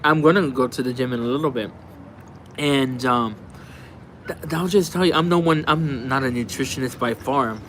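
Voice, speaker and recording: A livestream host with a medium-pitched, slightly bright voice chats casually while reading viewer comments, with a little hiss or hum in the audio. He rambles, swears and laughs a lot as he answers people.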